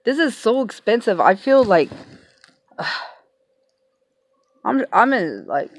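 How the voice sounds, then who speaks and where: A woman in a casual unboxing vlog, talking in a grateful, emotional way with many pauses, fillers and restarts. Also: fairly high pitch, big pitch swings. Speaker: vlogger. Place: home, passing cars heard outside.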